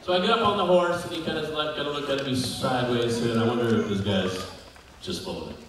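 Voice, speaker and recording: A man at a convention panel telling comic stories in an animated, jokey way. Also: mid-range voice, fast talker. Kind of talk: convention Q&A storytelling. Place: large convention hall. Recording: echoey hall from far off, crowd noise.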